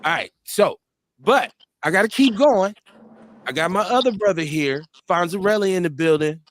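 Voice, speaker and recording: A man hosting a casual livestream talk show, joking around and reading viewer comments aloud in a relaxed way. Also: high voice, normal speed, dry recording. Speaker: host.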